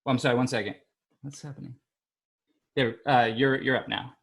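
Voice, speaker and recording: A male elementary school teacher leading a class of young children, upbeat and encouraging, sounding out syllables slowly. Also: mid-range voice, fairly even intonation, vocal fry, a bit bright.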